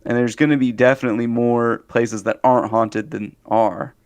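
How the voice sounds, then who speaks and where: Man, podcast co-host, casual banter, jokey, mid-pitched voice. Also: little pitch movement, normal speed, a little mellow, clean tone. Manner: jokey, laughs often, mimics people in quotes. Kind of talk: casual chat.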